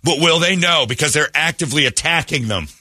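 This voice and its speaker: A man's voice: fairly high pitch, animated, brisk, noisy background, voice pushed up, lightly acted. A man putting on the voice of an angry young woman who is ranting shrilly and accusingly.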